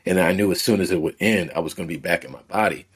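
A man, a podcast guest, telling a personal story in a relaxed, rambling way with many fillers. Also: low-pitched, fast, husky. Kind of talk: casual conversational storytelling.

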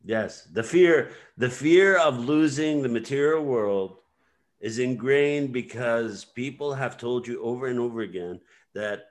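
Speaking at an unhurried pace in a mid-range voice, this podcast host chats casually. He wanders as he recounts scenes, leaning heavily on filler words.

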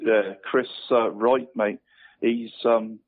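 A man's voice: on the low side, steady tone, slow. A man giving a football league round-up on a radio show, hesitant and repeating words, calling the host "mate" all the time. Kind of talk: radio sports round-up over the phone. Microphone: phone line. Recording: tinny phone line.

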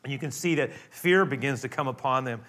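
A man preaching with a bright, forceful voice. He tells the scripture story with drama, rising to loud emphasis and dropping to a near hush. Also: mid-range voice, a little fast. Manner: dramatic, swinging between raised and hushed delivery. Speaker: pastor. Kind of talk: sermon.

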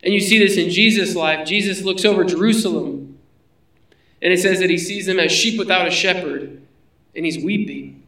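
A man's voice: sits high, a little fast, fairly bright tone, reverberant, distant mic, rough recording. A man preaching a sermon in a conversational way, asking his listeners rhetorical questions. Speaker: pastor.

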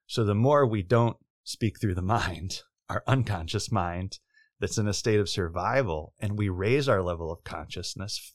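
Man, low voice, earnest, reflective advice, dry close recording. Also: no echo. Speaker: podcast co-host.

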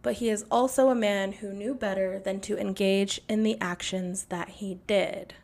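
A woman's voice: medium pitch, steady tone, normal speed, gravelly, darkish tone. A young woman hosting a podcast, delivering an angry, sarcastic and profane monologue. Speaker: podcast host.

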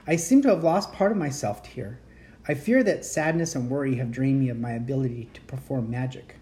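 A woman reading aloud, voicing a gentle, tired young enchantress who speaks calmly and softly while caring for hidden children. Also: very deep voice, brisk. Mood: calm, worried. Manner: calm, soft-spoken.

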